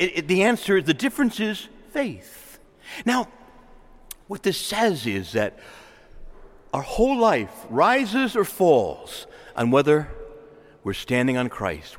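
A man, a priest, preaching an urgent, emphatic sermon full of rhetorical questions, and he calls himself a loudmouth. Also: mid-range voice, long reverb tail. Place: church.

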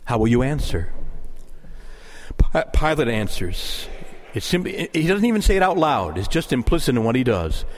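A man preaching a sermon, animated and pleading as he moves between teaching and prayer. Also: mid-range voice, normal speed. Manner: lively, rising to impassioned pleading in prayer. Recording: long hall reverb.

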